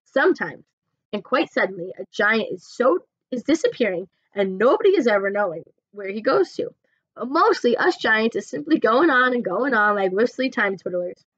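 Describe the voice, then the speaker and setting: A woman's voice: on the high side, lively intonation, normal speed, fairly bright tone, husky, no room sound, lo-fi sound. A woman voicing a huge, kindly, very old male giant who mangles his grammar and invents words. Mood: earnest.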